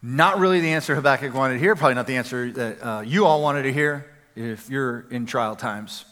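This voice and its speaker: Guy pastor preaching, bright ringing voice, big echoey church hall. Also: mid-range voice, fairly quick. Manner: energetic conversational preaching with repeated phrases. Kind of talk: sermon. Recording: long hall reverb.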